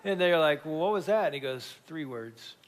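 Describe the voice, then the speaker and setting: Animated storytelling pastor, a grandfather. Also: on the high side, fast talker. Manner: animated storyteller with sudden loud jumps. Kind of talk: conversational sermon.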